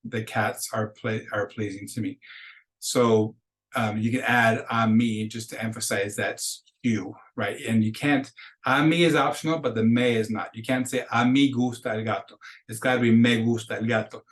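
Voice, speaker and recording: A man gives a recorded beginner Spanish lecture. He talks at a middling pitch and walks through the grammar patiently, step by step. He reads example phrases aloud for students to repeat. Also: steady tone, moderate pace, low-quality recording. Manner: patient, explains step by step, models phrases for repetition. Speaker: Spanish teacher.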